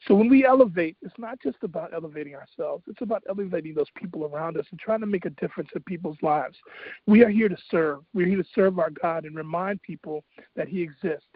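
A man's voice: high-pitched, fast, husky, no room sound. A man hosting a talk radio show, telling a personal story in an earnest, faith-driven way with many fillers. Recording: dull, dry lo-fi radio sound.

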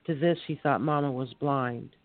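A man reading his rhyming poem aloud in a measured recital on a live poetry show. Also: mid-range voice, no room sound. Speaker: poet reading on air. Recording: tinny phone line.

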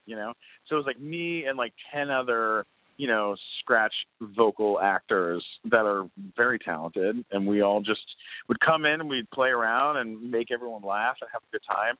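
A man guesting on a casual phone interview, rambling and excitable, with lots of restarts. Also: fairly low pitch, normal speed, dry recording. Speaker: guest voice actor and comedian. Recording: tinny phone line, dry.

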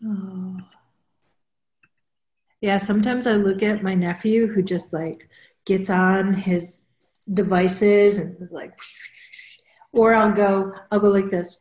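Slow-talking woman on a roomy call. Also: medium pitch, fairly even intonation, darkish tone. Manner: unhurried, repeats and restarts while explaining. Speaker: spiritual counselor. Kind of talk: casual group call chat. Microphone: video call. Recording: roomy echo.

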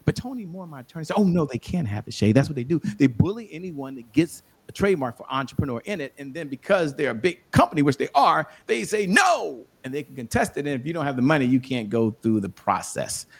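Man, interview guest, motivational storyteller, animated, average pitch. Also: quick pace, hardly any pauses, slightly rough. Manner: animated storyteller, preachy encouragement. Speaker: guest, show host and sales coach.

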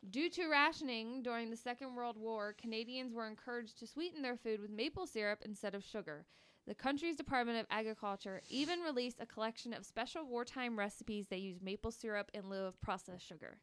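Clear-voiced woman podcast host. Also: on the high side, fairly quick, fairly bright tone. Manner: laughs often, reads facts aloud. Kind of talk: casual podcast chat reading facts.

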